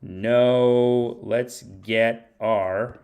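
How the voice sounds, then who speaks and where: A man's voice: mid-range voice, steady tone, drawn-out words, creaky, a little mellow. A man hosting a casual podcast livestream, telling stories in a rambling, playful way. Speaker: podcast host and stand-up comedian.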